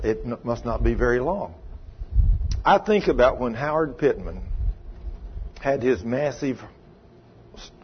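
A man's voice: medium pitch, highs cut off, slight background noise. A man preaching a sermon in a folksy, emphatic way, asking his congregation questions. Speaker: pastor.

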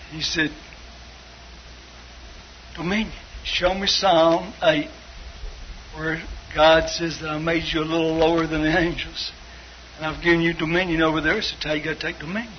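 A man with a high voice tells a faith story and acts out the people in it, sometimes shouting, sometimes near tears. The sound is dull, with a faint hiss behind it. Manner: acts out quoted voices, shouting and tearful in spots. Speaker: guest telling a testimony. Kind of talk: storytelling testimony.

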